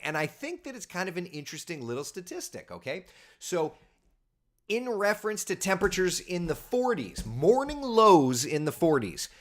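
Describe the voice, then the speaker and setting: A man hosting a casual live morning weather chat, joking and telling stories. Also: on the high side. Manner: chatty, jokey, lively storytelling. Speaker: TV meteorologist host.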